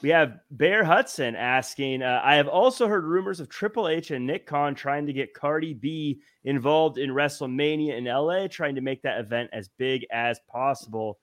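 A man's voice: medium pitch, normal speed, hardly any pauses, fairly bright tone, dry recording, studio quality. Easygoing male podcast host. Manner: easygoing, laughs often. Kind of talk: casual podcast chat, reading chat questions.

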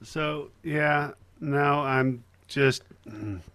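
Podcast host, male, bright dry close-mic voice, wry laughing film recap. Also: on the high side, drawn-out words, no room sound. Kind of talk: casual chat.

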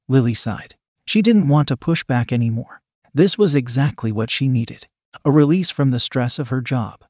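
A man narrating an adult story in a steady, even reading voice. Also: mid-range voice, moderate pace, dry recording, clean studio sound.

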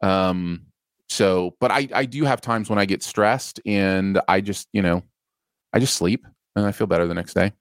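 Man co-host, lowish voice, halting and easygoing, dry close sound. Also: no echo. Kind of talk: casual livestream chat.

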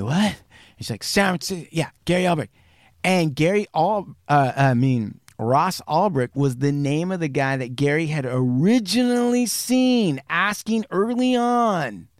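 A man hosting a podcast, telling a true crime story casually and acting out the quotes with sudden jumps in pitch and some swearing. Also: lively intonation, moderate pace, few pauses, no echo, clean studio sound. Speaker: podcast host.

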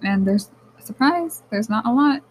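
A young woman hosting her own podcast, speaking in a candid, animated, casual monologue that often turns to swearing. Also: fairly high pitch, moderate pace, a little hiss or hum, low-quality recording. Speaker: podcast host.

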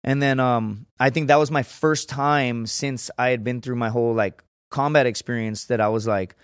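A man's voice: medium pitch, steady tone, moderate pace, few pauses, smooth, no echo. Profane man telling a story, dry sound. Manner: profane, loose storytelling with lots of fillers. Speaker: podcast guest. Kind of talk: casual storytelling.

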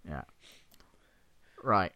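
A man's voice: drawn-out words, dry recording, lo-fi sound. A man hosting a podcast in casual chat, joking and laughing often. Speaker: podcast host.

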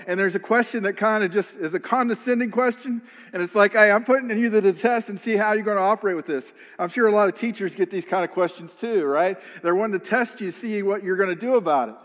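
A man with a notably high voice preaches a sermon, earnest and searching, turning the passage into questions for his listeners. His voice rings out with a long reverb trailing behind it. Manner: earnest, questioning, acts out quoted attitudes. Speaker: pastor.

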